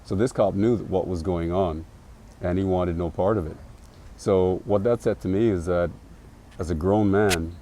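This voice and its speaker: A man in his forties recalling an experience in an interview, in a measured, reflective way with occasional fillers. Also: deep voice, steady tone, dark tone, slight background noise. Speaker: academic interviewee. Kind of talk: interview recollection.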